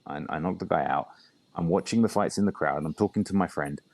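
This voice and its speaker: Talking a little fast in a low, slightly mellow voice, this bare knuckle fighter and coach from England chats loosely in an interview. He has a London accent, wanders off topic, and keeps dropping "you know" and "bro."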